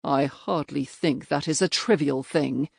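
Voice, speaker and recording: A woman voicing a stern male major and magistrate who talks in clipped, threatening, quietly forceful lines. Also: low-pitched, measured pace, creaky, slightly rough, no echo, studio quality, voice pushed down, heavily acted.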